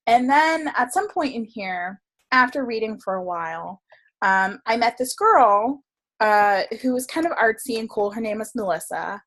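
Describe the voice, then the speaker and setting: A woman talks through her past in a relaxed interview. She rambles a little, leans on fillers and laughs often. Her voice sits a bit high. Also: normal speed. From Florida. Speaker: guest, tarot reader and writer. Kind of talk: casual storytelling interview.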